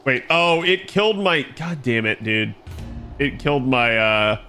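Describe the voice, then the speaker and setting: A man's voice: mid-range voice, a little slow, bright, forceful tone, clear, resonant tone, soft background music. A man streaming himself playing an online game, chatting loosely with his viewers. He rambles, corrects himself and swears casually. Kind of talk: casual live-stream gaming chat.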